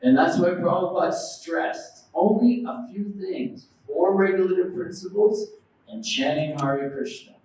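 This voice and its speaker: High-voiced preacher in an echoey hall. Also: male voice, measured pace. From United States. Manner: lively storytelling, acting out quoted voices; questions the audience. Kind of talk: devotional lecture. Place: temple hall. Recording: very echoey hall, mic at a distance.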